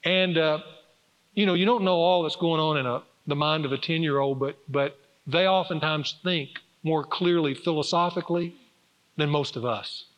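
A man's voice: a little high, normal speed, fairly bright tone. Pastor, male, middle-aged; earnest sermon delivery that swells and drops; lo-fi church recording with long reverb. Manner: earnest, emphatic preaching with rising and falling force. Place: church sanctuary.

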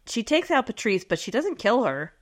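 A woman's voice: a little high, sing-song, moderate pace. A woman co-hosting a podcast, casually recapping a TV episode in a chatty way and laughing often. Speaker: podcast co-host.

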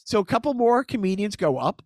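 A man's voice: high-pitched, a little fast, no echo, clean studio sound. A middle-aged man, a comedian, telling a story in casual chat, laughing often and acting out what people said. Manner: animated, laughing, acts out quotes.

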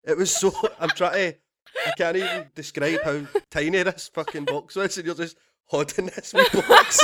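Animated Scottish man telling stories. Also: on the high side, moderate pace. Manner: animated storytelling, laughing, swearing, repeated restarts. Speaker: stand-up comedian, podcast guest. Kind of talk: casual podcast chat.

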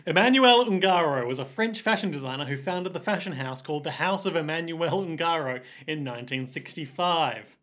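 A man's voice: a little high, brisk, hardly any pauses, a bit bright. A man hosting a podcast, chatting casually and reading facts aloud with lots of fillers. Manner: rambling, reads facts aloud with many fillers. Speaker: podcast host. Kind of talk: casual chat recapping a story.

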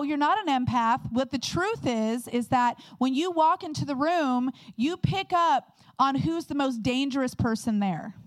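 A woman delivers a sermon as a guest speaker, talking candidly and conversationally with quick asides. Her voice sits fairly high, and the sound is dry and close with little room around it. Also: no echo.

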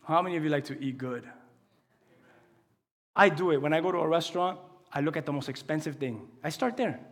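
A male pastor preaching a sermon in a church, asking the congregation questions and swinging between quiet teaching and loud, impassioned passages. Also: on the high side, a little fast. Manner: asks the congregation call-and-response questions. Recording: long hall reverb.

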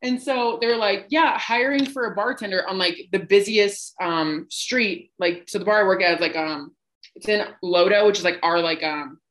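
A woman's voice: mid-range voice, normal speed, a bit bright. A young woman from Colorado telling a profane, laugh-filled story as a podcast guest. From Colorado, United States.

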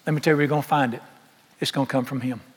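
A man's voice: medium pitch, fairly even intonation, racing, slightly rough. A man preaching a sermon, folksy and emphatic, firing rhetorical questions at the congregation. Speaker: pastor. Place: church sanctuary. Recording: long reverb of a large hall.

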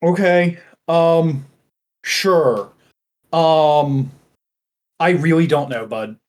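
A man's voice: fairly high pitch, drawn-out words. A man hosting a tabletop game podcast, chatting casually and stammering when put on the spot. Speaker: podcast host and player.

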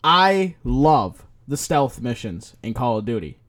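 A man's voice: medium pitch, big pitch swings, slow, a bit bright. A man co-hosting a podcast, telling rambling casual stories and swearing freely. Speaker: podcast co-host. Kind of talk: casual chat.

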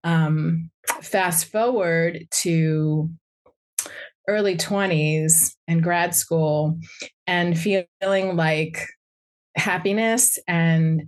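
Gentle, low-voiced woman psychotherapist. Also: drawn-out words. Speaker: psychotherapist and workshop speaker. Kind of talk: talk to a live audience.

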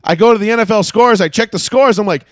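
A man co-hosting a casual podcast, telling a story in a profane, animated way. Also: high voice, fast talker, no echo, clean studio sound. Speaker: podcast co-host. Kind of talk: casual chat.

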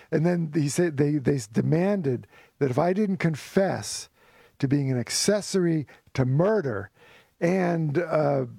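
A man with a gravelly, somewhat raised voice spins a tale for an interviewer, with a lively storyteller's delivery. His tone is warm and mellow, and the room sounds dry. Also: fairly high pitch, no room sound. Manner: lively storyteller who acts out quoted voices, with restarts and chuckles. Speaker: author guest. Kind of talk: anecdotal storytelling in conversation.

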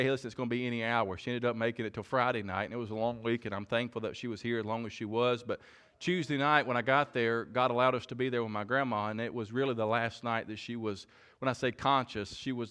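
A man preaches a sermon in church, his voice sitting at an ordinary middle pitch. He is earnest and heartfelt, often circling back and repeating words as he works toward his point. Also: a bit bright, smooth.

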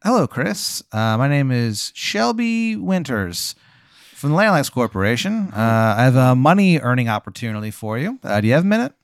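A man's voice: big pitch swings, moderate pace, clear, resonant tone, dry recording, clean studio sound. A man putting on a pushy female telemarketer. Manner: chirpy sales pitch, hesitant fillers.

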